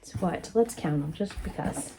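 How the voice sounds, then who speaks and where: A woman's voice: fairly low pitch, moderate pace, creaky, dark tone, a little hiss or hum. A woman vlogger opening mail on camera, chatty and rambling, gushing and laughing often. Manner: gushing and emotional. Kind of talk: casual chat.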